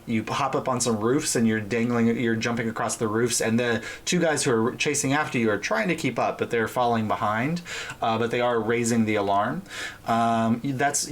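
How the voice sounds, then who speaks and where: A man narrating as game master in a casual tabletop session, talking loosely with many fillers and restarts. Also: mid-range voice.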